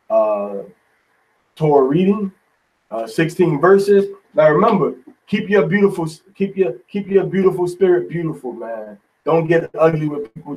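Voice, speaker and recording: A man's voice: a little high, darkish tone, far from the mic, low-quality recording. A man teaching a Bible study in an informal, folksy sermon style, often tagging lines with "man".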